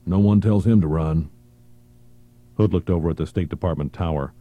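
A man narrates a thriller audiobook in a measured, even way. His voice sits low and sounds very dark and mellow. The reading stays steady throughout. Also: no room sound.

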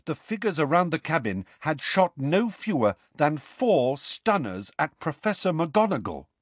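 A man narrating a storybook in an expressive, dramatic reading style. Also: a little high, unhurried, husky, dry recording. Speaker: audiobook narrator.

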